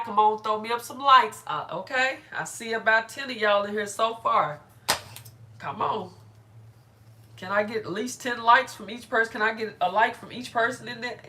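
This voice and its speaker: A woman's voice: a little high, sharp tone, a little hiss or hum. A middle-aged woman chatting casually on a live stream while doing her hair, laughing often and greeting viewers by name.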